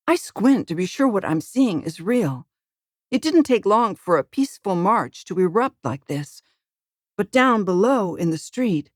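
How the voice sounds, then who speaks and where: A woman narrating a first-person thriller audiobook in a measured, steady, dramatic way. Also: fairly low pitch, no echo, clean studio sound.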